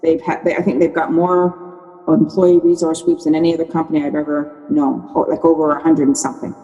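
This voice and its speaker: A woman in her sixties speaks as a podcast guest. Her voice sits low and mellow, and she tells her story candidly with frequent restarts. A long reverb hangs on the sound, with faint music behind her. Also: flat delivery, a little fast, muffled recording. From Canada. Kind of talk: conversational podcast interview.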